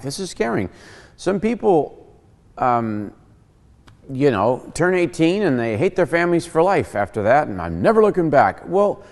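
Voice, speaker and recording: A man's voice: medium pitch, in a large hall. A man hosting a casual Bible teaching show, joking and acting out quotes as he explains. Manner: animated, joking, acts out quotes.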